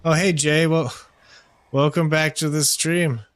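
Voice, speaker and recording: A man's voice: on the high side, steady tone, measured pace, a bit bright, no echo. A man streaming a game, chatting casually with his viewers and friend, rambling and swearing, joking at his own expense. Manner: rambling, profane, self-deprecating. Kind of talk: casual gaming stream chat.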